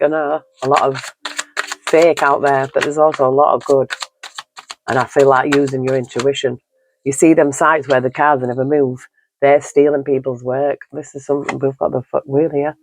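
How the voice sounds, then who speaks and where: A man's voice: medium pitch, level tone, normal speed, background noise. A man giving an earnest, encouraging tarot card reading, rambling and repeating himself often. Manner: rambling and repetitive, leaning on "you know". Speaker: tarot reader.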